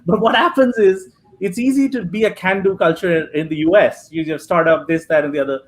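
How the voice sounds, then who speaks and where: A man's voice: high-pitched, brisk. A man from India, a comedian and screenwriter, chatting casually as an interview guest and telling rambling anecdotes. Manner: rambling anecdotes with frequent restarts.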